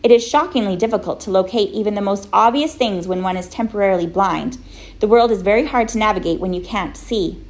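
A woman's voice: mid-range voice, fairly quick, darkish tone, natural voice. Woman doing a dreamy, rambling boy. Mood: musing. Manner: musing, wordy, unbothered. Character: dreamy, rambling, self-absorbed boy, unhurried.

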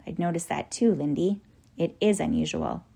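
A woman voicing a kindly, eccentric old male professor who coaxes and explains gently in a storybook reading, with a gravelly edge. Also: sits low, moderate pace, exaggerated voice. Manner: gentle, coaxing, excitable.

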